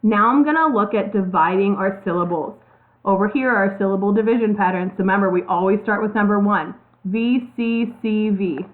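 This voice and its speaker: A woman teacher walking through a reading lesson slowly, step by step, spelling out letters. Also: mid-range voice. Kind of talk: classroom video lesson. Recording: tinny phone-like audio.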